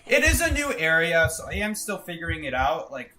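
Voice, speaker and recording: Lively bright-voiced male game streamer. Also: a little high, a little fast, soft background music. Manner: chatty, joking, laughs often. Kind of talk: casual live-stream gameplay commentary.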